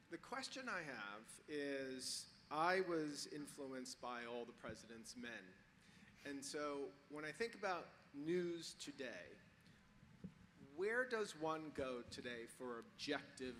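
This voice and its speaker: A man's voice: a little high, sing-song, slow, fairly bright tone. A man asking a question from the audience at a conference, hesitating with many ums and restarts. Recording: hall reverb with faint noise.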